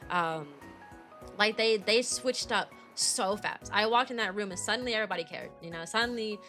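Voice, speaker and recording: A woman's voice: medium pitch, moderate pace, bright, forceful tone, faint music behind. A woman in her twenties, a streamer telling a casual story full of fillers, indignant and rambling. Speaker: VTuber streamer.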